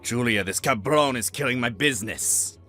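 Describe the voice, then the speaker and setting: A man's voice: mid-range voice, moderate pace, bright, forceful tone, soft background music, pitched above the performer's own voice, natural voice. A man voicing a violent, hot-tempered scammer husband who snarls and roars threats. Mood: scheming anger.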